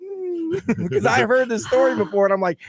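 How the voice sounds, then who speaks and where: A man co-hosting a morning radio show from the studio, telling a quick story in conversation. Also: high voice, fairly even intonation, gravelly, a little hiss or hum. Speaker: radio co-host.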